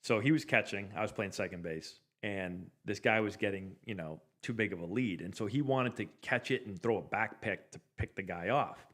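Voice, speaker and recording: A man in his forties with a fairly low voice tells casual stories from his playing days. His delivery is loose and rambling, packed with "like" and false starts, as he hosts a live stream. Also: moderate pace, hardly any pauses, fairly bright tone. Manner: rambling, loose, full of "like" and restarts. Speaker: former pro ballplayer hosting a live stream. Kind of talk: casual anecdotal storytelling.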